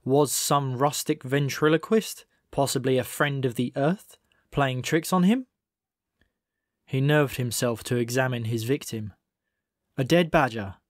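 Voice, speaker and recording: A man reading a comic novel aloud as audiobook narrator, in a measured, dry storytelling manner. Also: medium pitch, no echo. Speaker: audiobook reader. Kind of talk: scripted narration.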